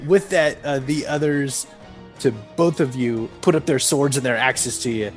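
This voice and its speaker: Halting man running a tabletop game. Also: mid-range voice, faint music behind. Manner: casual, halting, laughs often, voices guards briefly. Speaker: game master.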